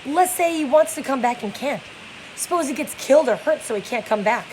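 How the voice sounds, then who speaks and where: A woman's voice: high voice, lively intonation, fairly quick, a little mellow, slight background noise, pitched above the performer's own voice, low-quality recording. A woman reading the lines of a weary, bitter middle-aged male stable hand in a plain read-aloud voice. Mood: taunting.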